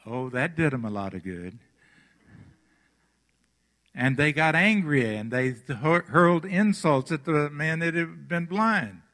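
A man preaching a sermon as pastor, retelling scripture stories slowly and with emphasis before leading communion and prayer. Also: on the high side, expressive, a bit bright, big-room sound. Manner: slow, emphatic storytelling preaching.

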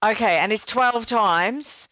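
A woman's voice: on the high side, takes it slowly, bright, forceful tone, dry recording. Chatty woman host, dry muffled sound. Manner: chatty, self-deprecating, many fillers. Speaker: podcast host. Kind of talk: casual interview chat.

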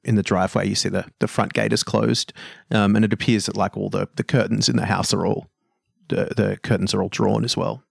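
A man narrating as game master of a tabletop game, relaxed and halting with fillers. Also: on the low side, creaky, no room sound, studio quality.

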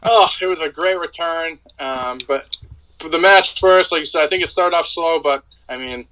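A man co-hosts a casual wrestling chat in a fairly high, bright, tense voice. He is blunt and fills his sentences with "like" and restarts. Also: moderate pace, rough recording. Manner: filler-heavy, says "like" a lot, blunt. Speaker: co-host.

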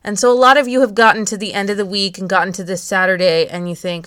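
A woman in her thirties hosting a podcast, giving an encouraging self-help talk in a gentle coaching manner straight to the listener. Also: mid-range voice, fairly even intonation, fast, clear, resonant tone, dry recording, clean studio sound. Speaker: podcast host.

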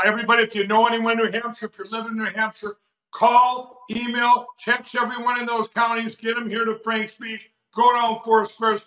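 A fired-up male host pushes his audience with rapid, repeated urgent appeals. His voice sits high and sounds bright and forceful. The audio is roomy and echoey, with a dull lo-fi quality. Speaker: show host. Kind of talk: urgent call to action.

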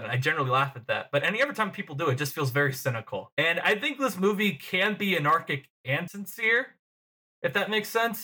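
A man's voice: on the high side, sharp tone, slightly rough. A man chatting casually about a film on a podcast, rambling and laughing often.

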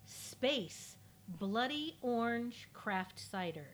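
A woman podcast co-host chatting casually, relaxed and a little hesitant. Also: a little high, extremely slow, slight background noise. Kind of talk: casual chat.

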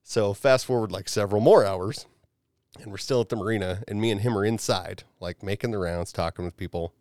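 A man's voice: on the low side, fairly quick, no room sound, clean studio sound. A man hosting a podcast, telling a story in casual chat with lots of swearing and acted-out quotes. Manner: profane, animated retelling with acted quotes. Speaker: podcast host.

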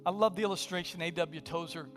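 A man preaching a sermon in a conversational, humorous storytelling way, sometimes dropping to a hushed, intimate delivery. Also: sits high, steady tone, quick pace, soft background music. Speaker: pastor.

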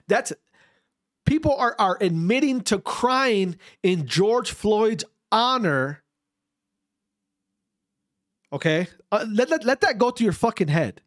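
A speaker ranting straight to camera in a slow, deliberate delivery. The pitch swings widely as they hammer home repeated rhetorical questions. The tone stays blunt, with swearing for emphasis. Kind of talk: opinion rant to camera.

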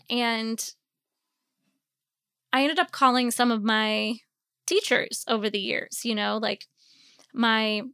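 Give me a sleepy woman in her forties telling a personal story, smooth clear voice, close dry mic. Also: on the high side, sharp tone, no echo. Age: 40s. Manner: candid, rambling, with many fillers. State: sleepy, yawning. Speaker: podcast host.

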